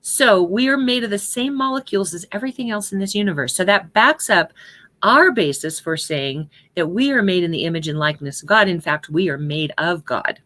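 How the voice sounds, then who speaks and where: Bright-voiced woman teaching about prayer. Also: on the low side, animated, fairly quick. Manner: conversational, checks in with "right?" and "okay?". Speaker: spiritual teacher.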